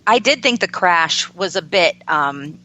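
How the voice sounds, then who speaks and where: Woman guest, bright sharp tone, lowish pitch, measured, hesitant. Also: expressive, highs cut off. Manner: measured, soft-spoken, hesitant fillers. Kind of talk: casual chat.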